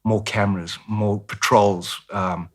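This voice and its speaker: A man's voice: lowish voice, fairly even intonation, takes it slowly. A middle-aged man with a South African accent, candidly telling stories as an interview guest. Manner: candid, storytelling, acts out voices of others. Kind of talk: casual interview talk.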